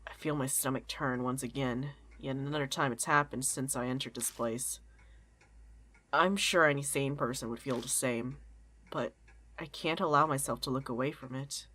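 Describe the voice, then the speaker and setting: A woman streamer with a low voice narrates a horror game, reading its text aloud. She is blunt, swears casually and jokes with her co-players between passages. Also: normal speed, a bit bright.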